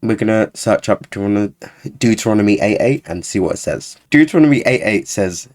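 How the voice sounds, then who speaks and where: A man talks through a reaction video in a casual, sarcastic way. His voice sits a little low and he sounds openly exasperated. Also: very animated, normal speed, darkish tone. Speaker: YouTuber.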